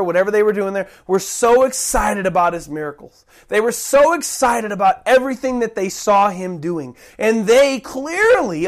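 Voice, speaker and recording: A preacher giving a sermon, emphatic, slowing down to stress key phrases. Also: mid-range voice. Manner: emphatic, shifting pace with slow stressed phrases.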